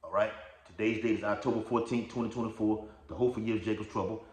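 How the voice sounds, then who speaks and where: A man's voice: lowish voice, steady tone, fast, darkish tone, roomy sound. A man giving an informal religious teaching, rambling and checking in with "okay?" and "all right?", reading verses aloud. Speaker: lay preacher.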